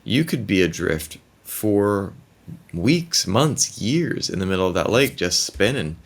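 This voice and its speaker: A middle-aged man with a very low voice hosts a casual podcast chat. He rambles and jokes, often stumbling into restarts as he goes. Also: big pitch swings, unhurried. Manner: rambling, jokey, stammers in restarts. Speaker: podcast host. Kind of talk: casual conversation.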